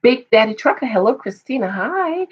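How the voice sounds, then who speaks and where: A woman's voice: on the high side, big pitch swings, moderate pace, husky. A woman hosting a casual story-time video, reading from a book and chatting with viewers in asides. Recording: dull lo-fi recording.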